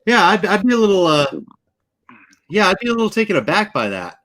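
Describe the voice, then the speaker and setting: A man's voice: high voice, big pitch swings, a little fast, a bit bright. A young man hosting a casual video chat, joking, laughing easily and repeating himself as he talks.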